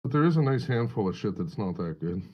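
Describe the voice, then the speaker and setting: A man's voice: on the low side, lively intonation, fast talker, lo-fi sound. A man hosting a casual trading stream, rambling and swearing freely. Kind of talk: casual chat.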